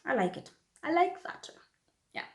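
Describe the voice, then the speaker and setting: A woman's voice: normal speed, a little mellow, reverberant, slight background noise. A woman from Kenya, talking casually to camera as a vlogger and repeating phrases for emphasis.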